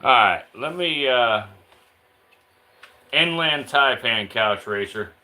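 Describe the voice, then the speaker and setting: Man, relaxed live-stream host, bright voice, drawling and unhurried. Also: medium pitch, low-quality recording. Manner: relaxed, drawling, reads out viewer names and questions. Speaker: reptile keeper streaming live. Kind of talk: casual live-stream chat.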